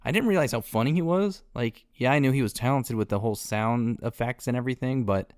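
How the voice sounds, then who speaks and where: Man, podcast co-host, relaxed casual chat, lots of fillers, dry close sound. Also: mid-range voice, quick pace, clear, resonant tone, no echo. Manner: relaxed, chatty, with frequent fillers like "like" and "um".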